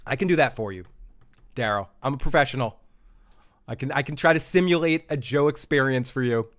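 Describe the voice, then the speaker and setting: A man's voice: medium pitch, fairly quick. A man hosting a live podcast, loose and jokey, laughing often and tripping over his words. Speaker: podcast host.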